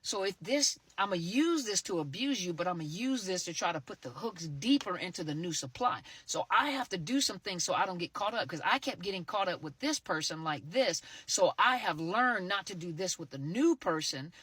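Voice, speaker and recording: A woman's voice: on the low side, animated, normal speed, few pauses, a bit bright, husky, no room sound. A woman host speaking animatedly about narcissistic abuse and often repeating phrases for emphasis.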